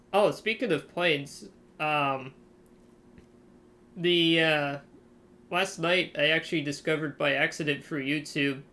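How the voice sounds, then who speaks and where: Slow, chuckling game streamer chatting live. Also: mid-range voice, fairly bright tone. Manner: chuckles often, answers chat; rambling with many fillers. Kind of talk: casual live-stream chat.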